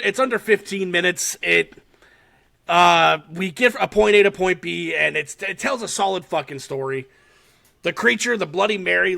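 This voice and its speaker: A man's voice: high-pitched, vocal fry. A man co-hosting a podcast, animatedly recapping a horror short in casual chat, swearing often and laughing as he tells it. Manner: animated, swears a lot, laughs while telling.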